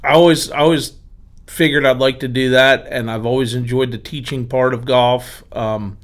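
A man's voice: mid-range voice, normal speed. A man from Pennsylvania, a driving range owner, telling anecdotes in casual chat and acting out the quotes. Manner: animated anecdotes with acted quotes. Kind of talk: casual storytelling.

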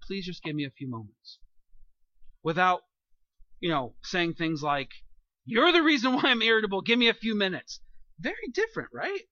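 A man preaching a sermon in a church, animated and jokey, acting out little asides. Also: high voice, no echo, lo-fi sound. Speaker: pastor.

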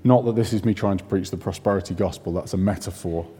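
A man giving a sermon in a relaxed, conversational way, full of self-questions and chatty asides. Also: low-pitched, quick pace. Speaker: preacher. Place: church. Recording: reverberant church hall.

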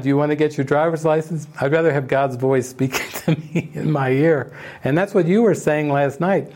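An older man speaking as a spiritual teacher at an online retreat, telling stories with soft laughs. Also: fairly high pitch. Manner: warm storytelling with soft laughs. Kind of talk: retreat talk. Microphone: online retreat session.

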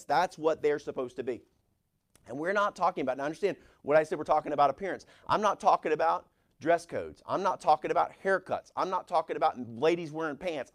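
Middle-aged male pastor with a slightly high voice, preaching with animated force. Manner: animated preaching, reads scripture aloud with rising force. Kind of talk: sermon.

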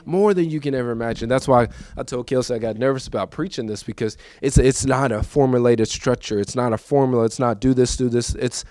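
A man in his thirties gives a testimony sermon in a church, speaking at an ordinary mid pitch. He talks casually and repeats himself, then swells into emphatic, preacherly lines. The close recording is dry, with little room sound. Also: brisk, few pauses, no echo. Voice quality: conversational, emotional, repeats himself. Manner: swings from quiet recollection to raised emphatic preaching.

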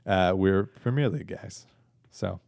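Deep-voiced podcast guy, jokey and teasing, pokes fun at himself, dry close mic. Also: measured pace, vocal fry, a little mellow, dry recording. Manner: joking, teasing, self-deprecating. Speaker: podcast co-host. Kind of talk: casual chat.

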